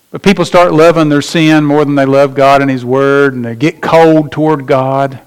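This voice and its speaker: A man preaching a sermon as pastor, emphatic, slowing down and rising in pitch to stress his points. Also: clear, resonant tone.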